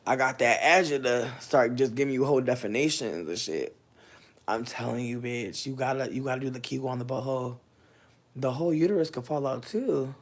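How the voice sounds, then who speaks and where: A woman in her thirties chatting casually on a livestream, answering viewers' comments, loud, profane and often laughing. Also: rumbling low, brisk. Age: 30s. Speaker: livestream host.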